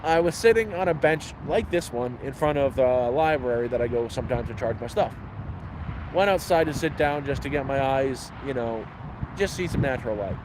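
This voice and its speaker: A Canadian homeless vlogger answers questions outdoors beside a city street, telling stories in blunt, profane, casual chat. His medium-pitched voice is animated and moderately paced, with background noise behind it.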